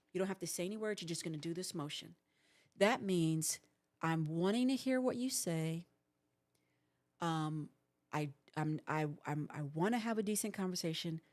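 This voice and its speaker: Earnest woman coaching couples, lowish voice. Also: a little mellow. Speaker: host and counselor. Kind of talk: livestream advice talk.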